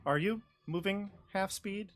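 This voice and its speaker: A man's voice: sits high, a little slow, a bit bright. A man acting as dungeon master over a video call, explaining rules in an easygoing, patient way. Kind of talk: running a tabletop game over a video call.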